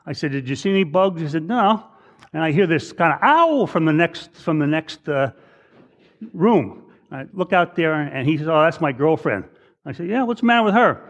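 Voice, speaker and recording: Middle-aged male physician, loose anecdotal lecturer, slightly high voice, many restarts. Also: animated, normal speed, a bit bright, highs cut off. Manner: conversational, repeats words, acts out patients in raised voice. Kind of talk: case-based medical lecture with anecdotes.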